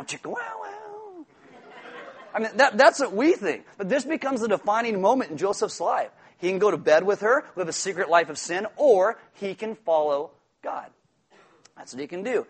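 Husky, high-voiced preacher man. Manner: animated, jokey, acts out voices in quotes. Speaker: pastor. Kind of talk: sermon.

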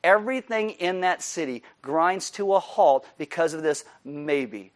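High-voiced man giving a sermon. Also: animated, measured pace. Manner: conversational, explains with humor and chuckles. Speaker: pastor.

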